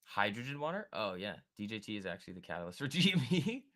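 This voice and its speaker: A man's voice: on the low side, big pitch swings, quick pace, pushed and bright. A man hosting a live stock market stream, chatting casually, joking and reacting to viewers and charts. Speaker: stock trading livestream host.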